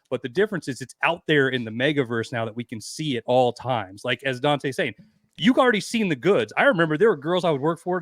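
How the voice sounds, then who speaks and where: A man's voice: on the high side, fairly bright tone, no room sound. A middle-aged man on a podcast, telling crude stories in casual chat and acting out the voices of the people in them. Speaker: podcast guest.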